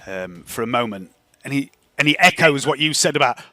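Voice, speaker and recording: A man acting as game master, describing the scene and working out turns with lots of ums and restarts. His voice is bright and forceful, and it sounds dry and close to the mic. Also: mid-range voice, lively intonation, fairly quick, no room sound. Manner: rambling, hesitant, full of ums and restarts. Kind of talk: narrating a tabletop game.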